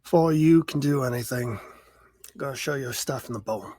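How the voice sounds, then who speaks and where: A man narrating a tabletop role-playing game as game master, in a slow, relaxed way. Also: medium pitch, no echo.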